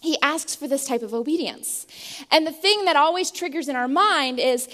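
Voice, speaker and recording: A woman's voice: high-pitched, lively intonation, moderate pace, a bit bright. A young woman preaching a sermon and praying, earnest and storytelling, often restarting her words, heard in a church sanctuary. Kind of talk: sermon with opening prayer. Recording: long hall reverb.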